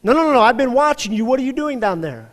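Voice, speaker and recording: A man playing a suspicious police officer who questions and mocks a stranger, loud and challenging, in a hall with long reverb. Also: extremely high pitch, sing-song, quick pace, voice pushed up.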